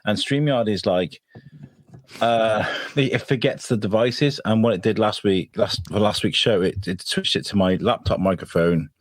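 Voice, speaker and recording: Low-voiced chatty British man. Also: moderate pace, dry recording. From Britain. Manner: rambling, chatty, laughs easily. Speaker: podcast co-host. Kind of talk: casual chat.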